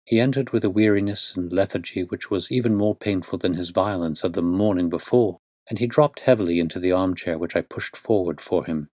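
Guy reading a classic story aloud, low voice, dry close sound. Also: fairly quick, few pauses, darkish tone, dry recording. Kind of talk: audiobook narration of a classic story.

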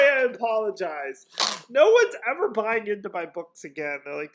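A man's voice: sits high, sing-song, normal speed, background noise. A man chatting casually while scratching lottery tickets at home, constantly breaking into laughter. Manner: giggly, keeps breaking into helpless laughter.

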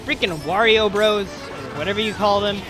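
A young man doing casual let's play commentary, excitable and yelling at the game. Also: sits high, normal speed. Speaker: let's player. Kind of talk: gaming commentary. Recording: faint game music behind.

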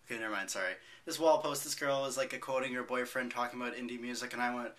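Young guy vlogging, bright voice, swears a lot, rambles all over. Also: medium pitch, fairly even intonation, fast, hardly any pauses. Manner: profane, rambling, self-mocking. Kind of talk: casual vlog rambling.

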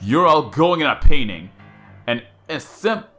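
Villain read: man doing a sneering ghost king, melodramatic, lively swings in pitch. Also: measured pace, faint music behind. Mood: gloating. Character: gloating male ghost king villain, theatrical. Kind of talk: reading game dialogue aloud.

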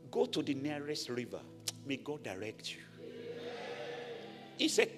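Nigerian-born pastor preaching in an echoey hall. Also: male voice, medium pitch, measured pace. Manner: animated preaching, shouting blessings over a congregation. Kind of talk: sermon. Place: large church hall. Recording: echoey church hall with music.

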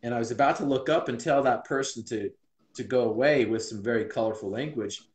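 A man in his forties from Utah, recounting his life story in an interview with earnest reflection. His mid-pitched voice sits in a roomy space with audible echo. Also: fairly quick. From Utah, USA. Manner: earnest and reflective, many restarts. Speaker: interview guest.

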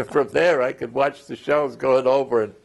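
Old guy in his 80s, gravelly, tells army stories in an interview, lots of restarts. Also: mid-range voice, steady tone, moderate pace. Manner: rambling, chuckling storyteller with restarts. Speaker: Korean War veteran interviewee. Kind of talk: oral history interview.

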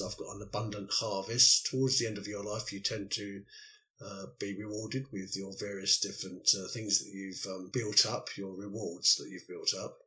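An older man hosts his own podcast, musing through a loosely scripted monologue with the occasional filler. His voice sits a little low, yet it comes across as strikingly bright and forceful. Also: low-quality recording. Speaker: podcast host.

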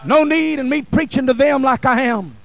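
A man who is a bishop, preaching a Pentecostal sermon in a church, with a rhythmic, chanted, shouting delivery, on an archival 1980 church recording. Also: very high-pitched, lively intonation, normal speed, creaky, dull audio. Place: church sanctuary.

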